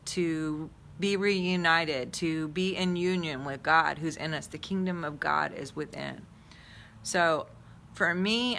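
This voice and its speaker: A woman's voice: low voice, pushed and bright, slight background noise. A woman giving a spiritual talk and leading a guided visualization, earnest and repetitive, lingering on key words. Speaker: spiritual teacher.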